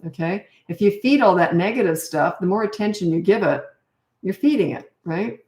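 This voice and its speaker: A woman's voice: medium pitch, lively intonation, normal speed, a little mellow, reverberant. An older woman coaching parents in casual talk, blunt and no-nonsense, often acting out what parents and children say. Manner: blunt, no-nonsense, acts out quoted lines.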